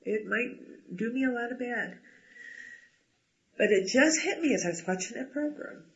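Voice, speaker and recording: Rich: A fairly high-voiced man with a bright, forward tone, speaking bluntly and with agitation as he works through a painful family history. He swears when he gets angry. The recording sounds dull and lo-fi. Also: lively intonation, normal speed. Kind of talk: emotional personal conversation.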